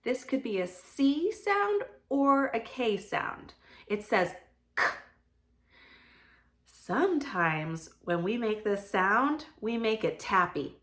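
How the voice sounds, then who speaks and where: A woman speech therapist leading a children's sound practice lesson, modeling sounds clearly and giving encouraging praise. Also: on the high side, expressive, a bit bright. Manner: slow, clear modeling of sounds with pauses for kids to repeat.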